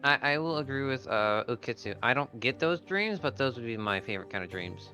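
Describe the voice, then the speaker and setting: A man's voice: mid-range voice, animated, fairly quick, pushed and bright, soft background music. A man in a casual gaming chat, talking hesitantly with stumbles and giggles. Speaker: group chat participant.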